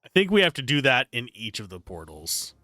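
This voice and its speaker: Lively-voiced man streaming a game. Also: mid-range voice, a little fast, no room sound, soft background music. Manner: laid-back, wry, thinking aloud. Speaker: let's play streamer. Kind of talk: casual gameplay commentary.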